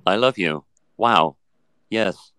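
A man voicing a flattering homemade chatbot robot, speaking in flat robotic announcements. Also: on the low side, takes it slowly, clean tone, no echo, exaggerated voice. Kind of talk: comedy podcast bit.

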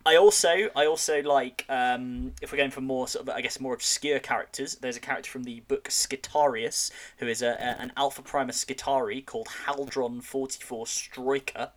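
A man talking as a podcast guest in loose, rambling casual chat, often pausing to search for words. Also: mid-range voice, steady tone, fairly bright tone.

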